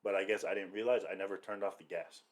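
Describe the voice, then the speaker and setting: A man's voice: low-pitched, fairly even intonation. A Canadian man telling stories in a casual podcast chat, rambling loosely with lots of "like". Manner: laid-back, quick rambling with lots of "like". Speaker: podcast co-host.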